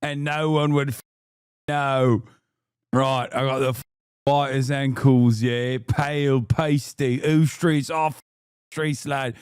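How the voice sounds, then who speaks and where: A man's voice: mid-range voice, fairly even intonation, slow, a little mellow, clean tone, no room sound, clean studio sound. A man streaming his reaction to a video, ranting in exasperation, his voice climbing as he gets worked up. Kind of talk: live-stream reaction commentary.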